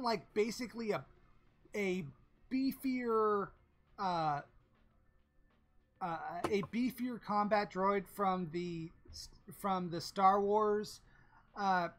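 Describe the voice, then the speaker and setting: Slow, halting woman game master. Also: medium pitch. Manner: halting, full of fillers and restarts. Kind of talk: narrating a tabletop game.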